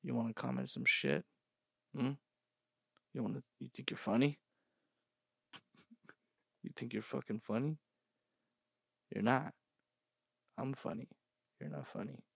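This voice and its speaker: A man's voice: mid-range voice, animated, unhurried, gravelly, long pauses, a bit bright, breathy edge, dry recording, studio quality. A young man riffing in a brash, mock-aggressive comedy rant, swearing freely as he talks to his viewers. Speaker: comedy vlogger.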